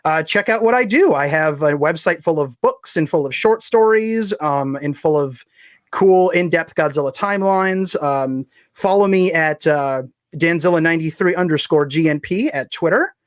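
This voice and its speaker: A man's voice: fairly high pitch, lively intonation, normal speed, no room sound, clean studio sound. A man chatting casually as a podcast guest, rambling and self-deprecating as he plugs his writing. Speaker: guest, fiction writer.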